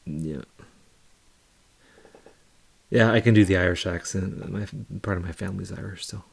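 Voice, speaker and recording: Gravelly low-voiced man rambling casually. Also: moderate pace. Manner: rambling, loose storytelling with many fillers. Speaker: live stream host. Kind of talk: casual live stream chat.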